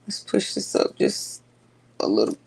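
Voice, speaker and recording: A woman takes her time, talking at an unhurried pace. She chats casually to her viewers while she sews. Her tone is loose and conversational, and she stops now and then to check on her project. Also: a little mellow. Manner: chatty, talks to viewers while working. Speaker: sewing vlogger. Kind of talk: casual sewing tutorial.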